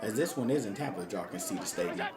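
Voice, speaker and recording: A man doing casual, hyped commentary over his own video game, talking straight to his viewers in slangy speech. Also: fairly low pitch. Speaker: gaming YouTuber.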